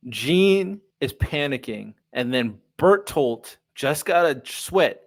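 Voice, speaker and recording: A man's voice: a little high, expressive, slow pace, hardly any pauses. A young man hosting a casual manga reaction, reading panels aloud, stumbling over words and adding his own commentary.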